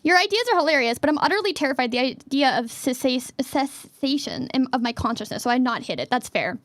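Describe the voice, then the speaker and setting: A woman streamer chatting casually and reading questions aloud, giggly and playful, sometimes bursting into a yell. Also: high voice, lively intonation, a little fast, no room sound, clean studio sound.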